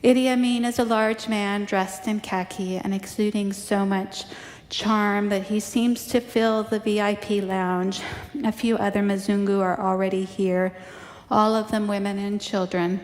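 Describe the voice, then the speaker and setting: Woman, memoir reading, measured storytelling, church service, medium pitch, long church reverb. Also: darkish tone. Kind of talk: reading a personal memoir aloud. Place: church sanctuary.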